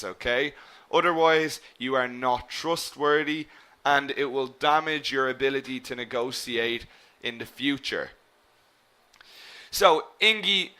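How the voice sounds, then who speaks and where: A man teaching an online business English lesson, encouraging his students, naming them as he checks their answers, and often asking "okay?". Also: mid-range voice. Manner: lively emphasis with frequent "okay?" and "guys".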